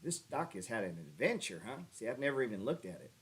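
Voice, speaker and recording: A man's voice: fast, breathy edge. Sarcastic, profane man hosting a trading stream. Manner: profane, sarcastic, mocking asides to chat; animated pitch jumps when ribbing viewers. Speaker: stock trading livestream host. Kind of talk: casual livestream chart talk.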